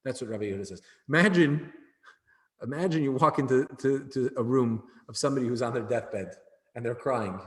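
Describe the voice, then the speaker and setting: A man's voice: mid-range voice, animated, moderate pace. Man teaching a class in an echoey hall. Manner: conversational, often checks in with "right?". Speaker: Jewish studies teacher.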